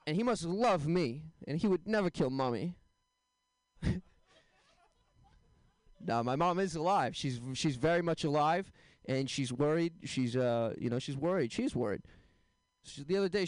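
A young man doing a stand-up set, telling deadpan one-liners with quick asides to the crowd. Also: a little high, no room sound. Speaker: stand-up comedian. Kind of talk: stand-up set at an open mic.

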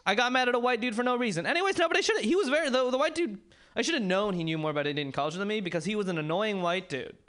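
A man's voice: sits high, expressive, racing, a bit bright. A man in his twenties doing a rambling, self-mocking stand-up set, talking to the crowd. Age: 20s. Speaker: stand-up comedian. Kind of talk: stand-up set at an open mic.

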